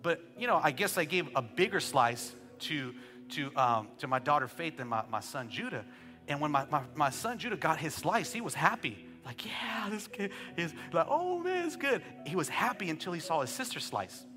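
High, bright-voiced preaching pastor. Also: male voice, sing-song, fairly quick, big-room sound, soft background music. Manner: preaching, rising to shouted praise; joking asides, conversational storytelling. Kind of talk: sermon.

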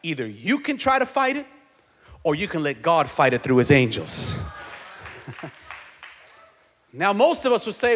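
A male pastor preaching a sermon in a church, calling on the congregation to answer back and rising to shouts at the peaks. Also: fairly high pitch, big pitch swings, a little slow, pauses often. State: sweating from exertion. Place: church sanctuary. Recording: live church sound with long reverb.

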